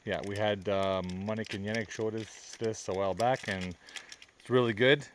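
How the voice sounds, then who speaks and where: Speaking at a normal pace with fairly low, fairly even intonation, this vlogger casually talks viewers through his camping trip by a lake. The Canadian comes across as relaxed and talkative and laughs a lot, while faint sounds of the outdoors linger behind him.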